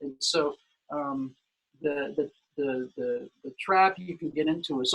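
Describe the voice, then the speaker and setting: A man with a fairly high, husky voice talks through songwriting craft as a guest on a video call webinar. His explanations are loose and conversational, full of "you know" fillers. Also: measured pace, a bit bright, poor audio. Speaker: musical director, guest expert.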